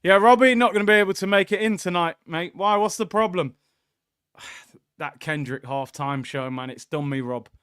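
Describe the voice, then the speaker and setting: A man voicing a young man faking a cold to get days off work, talking in a croaky, pitiful way. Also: high-pitched, normal speed, a bit bright, no room sound, clean studio sound.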